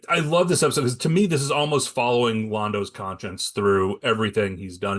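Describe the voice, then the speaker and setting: A man's voice: lowish voice, fairly bright tone. A man hosting a podcast, talking through a favorite episode with enthusiasm. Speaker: podcast host. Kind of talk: casual chat.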